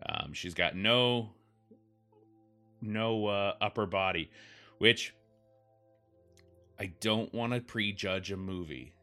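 A man's voice: on the low side, takes it slowly, pauses often, sharp tone, soft background music. A man hosting a podcast, rambling through wry, self-deprecating comedic commentary.

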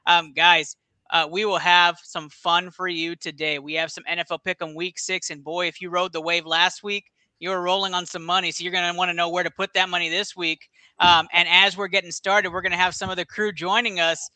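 A man hosting a casual sports podcast from a studio, excitable and laughing, with plenty of fillers. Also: high voice, brisk, smooth, no room sound. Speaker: podcast host.

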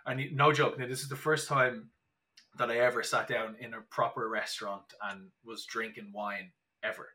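A young Irish man talks loosely as a podcast guest. His voice is bright and forceful. He tells stories with plenty of fillers and false starts. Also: mid-range voice, steady tone, normal speed. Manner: chatty storyteller, many restarts and fillers. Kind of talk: casual podcast chat.

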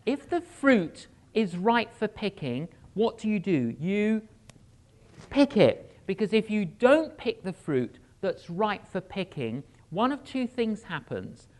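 A preacher man delivers a storytelling sermon in a church. His voice swings widely up and down as he acts out conversations, and he takes his time, pausing for humorous asides to the congregation. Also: sits high. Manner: animated storyteller acting out dialogue.

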